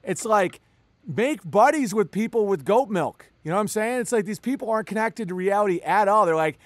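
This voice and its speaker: Co-host, man, high pitched, dry close mic; rambling, profane, stammers. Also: lively intonation, fairly quick, no room sound. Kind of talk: casual podcast conversation.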